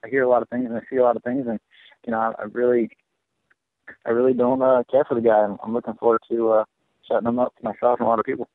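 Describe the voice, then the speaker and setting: A fighter answering press questions on a conference call, halting with lots of fillers, heard over a phone line. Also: male voice, medium pitch, flat delivery, dry recording. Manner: halting, many fillers and restarts, dismissive. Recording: tinny dry phone line.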